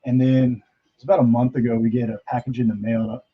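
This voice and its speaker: A man's voice: mid-range voice, level tone, brisk, breathy edge, highs cut off. A man, a comic artist, chatting casually and rambling through stories on a livestream while he works, close to the microphone. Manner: rambling, offhand storytelling with mild swearing.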